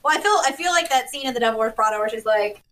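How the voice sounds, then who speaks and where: A woman chatting casually, telling a lively story, acting out what people said and laughing often. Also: fairly high pitch, very fast, slight background noise. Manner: animated storyteller who acts out quotes and laughs often. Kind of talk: casual chat.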